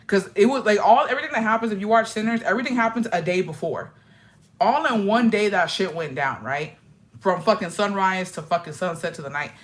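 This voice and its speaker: A woman's voice: medium pitch, a little fast. A young woman telling stories in a casual get-ready-with-me chat, swearing freely and mixing English and Spanish. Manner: profane, animated storytelling, switching between English and Spanish. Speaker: vlogger.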